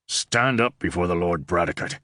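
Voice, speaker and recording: A man's voice: deep voice, moderate pace, bright, forceful tone, dry recording, clean studio sound, pitched below the performer's own voice. A man voicing a brusque young man-at-arms who barks orders and mocks a prisoner in an audiobook. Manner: commanding, mocking.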